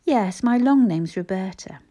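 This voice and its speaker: Storybook girl, brave and kindly, earnest and soothing, mellow tone; a woman reader puts her on. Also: mid-range voice, expressive, a little slow, lo-fi sound. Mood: gentle, reassuring. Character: brave, practical young girl.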